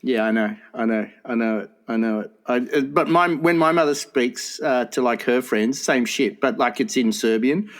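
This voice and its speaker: A man's voice: medium pitch, normal speed, hardly any pauses. Rambling, laughing man. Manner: laughing, rambling storyteller with many restarts. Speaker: podcast co-host. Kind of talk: crude casual comedy chat.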